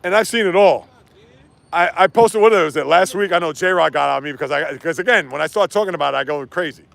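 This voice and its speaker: Animated gravelly man ranting on a stream. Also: on the high side, a little fast, no room sound. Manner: animated, rants and reads chat comments. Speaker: sports livestream host. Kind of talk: casual livestream chat while walking.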